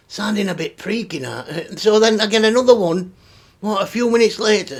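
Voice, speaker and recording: A man's voice: high-pitched, expressive, normal speed. A middle-aged man, ranting through a commentary vlog, swearing freely and exasperated. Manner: sweary, exasperated, laughs between remarks. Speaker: YouTube commentary host.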